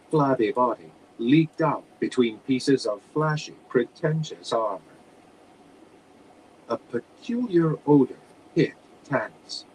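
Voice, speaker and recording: A man reads a fantasy novel aloud in a steady, plain manner at a middling pitch. A faint air-conditioner hum sits under the voice. The reading sounds like a home room. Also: poor audio. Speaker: audiobook reader.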